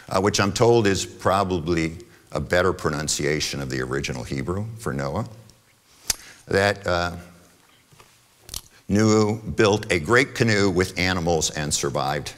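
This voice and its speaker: A man with a very deep voice gives a church adult forum talk in a room with long reverb. He explains things in a relaxed, conversational way, stopping often with fillers and restarts, and now and then reads passages aloud from his notes. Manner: conversational lecturing with frequent fillers and self-corrections.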